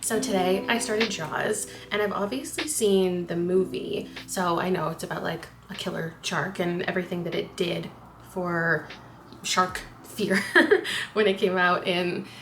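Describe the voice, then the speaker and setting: A young adult woman chatting casually as a book vlogger, animated and quick with asides, laughing often. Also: fairly low pitch, background noise. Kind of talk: casual chat.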